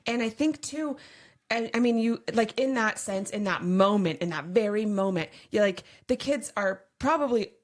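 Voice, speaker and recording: A woman co-hosting a podcast in casual chat, reflective and supportive, often dropping her voice low and soft. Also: animated, moderate pace. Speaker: podcast co-host.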